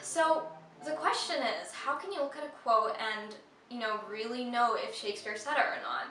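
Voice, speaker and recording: A young woman hosts a casual teaching vlog in a chatty, reassuring way. Her voice is bright and a little high. She sits a bit back from the mic in an echoey room, with faint music behind her. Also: normal speed, far from the mic. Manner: chatty and reassuring, sing-song when reciting verse. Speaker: vlog host.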